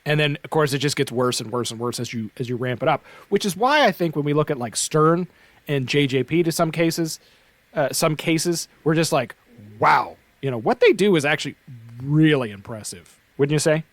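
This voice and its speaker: This is a man with an Atlantic Canadian accent, co-hosting a podcast in an easygoing, rambling way. His voice sits a bit high for a man. He is recorded close and dry, with no room sound. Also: a little fast, no room sound. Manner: animated, rambling, fond of "like" and "right?". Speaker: podcast co-host. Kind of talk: casual chat.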